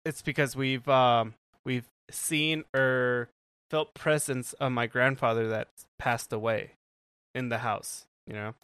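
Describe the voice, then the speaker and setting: A man's voice: medium pitch, steady tone, takes it slowly, fairly bright tone, smooth, no echo. A young man telling a story on a casual podcast chat, rambling with lots of "like" fillers and frequent laughs. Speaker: podcast co-host.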